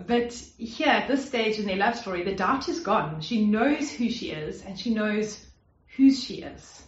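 A woman's voice: mid-range voice, moderate pace. A woman preaching a sermon in an earnest, conversational way, with fillers and restarts. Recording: roomy, slightly dull sound.

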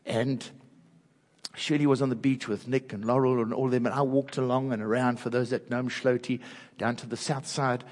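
An older man with a South African accent, preaching an earnest sermon through personal stories and dropping soft and low at tender moments. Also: level tone, moderate pace. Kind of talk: storytelling sermon. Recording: long hall reverb.

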